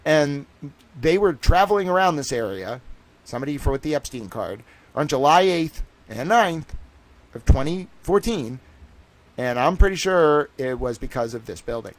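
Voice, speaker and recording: Profane, excitable young streamer. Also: male voice, fairly high pitch, moderate pace. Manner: profane, joking, excitable, laughs often. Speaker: livestream host. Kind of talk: rambling livestream monologue.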